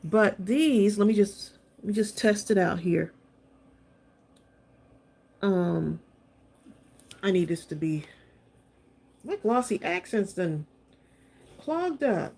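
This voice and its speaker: A woman's voice: medium pitch, lively intonation, takes it slowly, long pauses, warm tone, husky. A woman hosting a live crafting stream, chatting with viewers and laughing often as she demonstrates supplies. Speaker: craft channel host.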